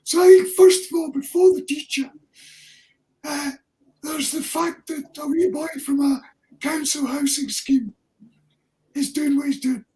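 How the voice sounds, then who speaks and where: A man's voice: very high-pitched, fairly even intonation, unhurried, long pauses, mellow. An older man from Ayrshire with a Scottish accent, giving earnest, plain-spoken interview answers as an honorary professor. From Ayrshire, Scotland. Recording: distant from the mic.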